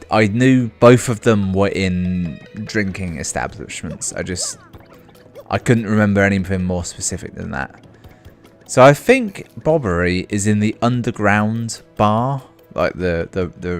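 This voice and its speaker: A man's voice: deep voice, a little slow, faint music behind. A man giving casual let's play commentary in a dry, self-mocking, rambling way.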